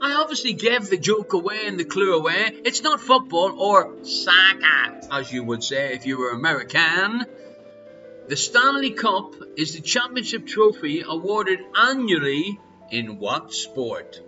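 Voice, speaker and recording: A man's voice: high voice, sing-song, a little slow, muffled recording. An Irish man hosting a live quiz from his home, reading questions and teasing viewers with jokey banter. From Ireland. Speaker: quiz host. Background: faint music.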